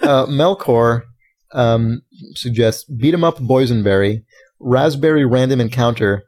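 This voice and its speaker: A man's voice: mid-range voice, measured pace, a little mellow. A man hosting a casual podcast, reading listener submissions aloud with frequent laughter. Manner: amused, reads names aloud, laughs often.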